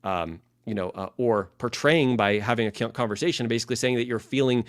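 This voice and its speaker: A man's voice: mid-range voice, a little fast, clear, resonant tone, no room sound, studio quality. A man, a leadership and life coach, teaching casually with many fillers and restarts and acting out sample phrases.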